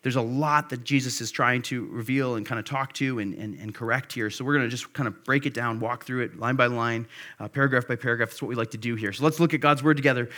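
Bright-voiced earnest male pastor. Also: medium pitch, fast. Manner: conversational and earnest, with bursts of excitement. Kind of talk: sermon.

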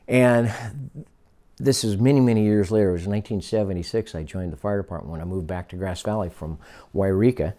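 A retired fire captain in his sixties from Northern California gives an oral history interview, storytelling and acting out other people's lines. His voice is warm and sits on the low side.

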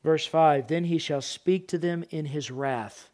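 Middle-aged male pastor, sermon, fairly high pitch, animated delivery. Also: unhurried. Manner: animated preaching, acts out parents and children in raised voices.

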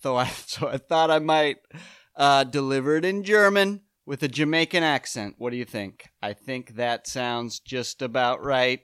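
A man's voice: mid-range voice, a bit bright, clear, resonant tone, no echo, studio quality. A man hosting a comedy podcast, joking in casual banter. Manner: joking, quick asides. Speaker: podcast host. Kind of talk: casual chat, comic banter.

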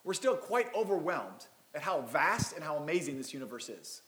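A man's voice: a little high, big pitch swings, normal speed, a bit bright, echoey room, a little hiss or hum. A man preaching a Christmas sermon as pastor, reading scripture and breaking in with casual, self-deprecating asides.

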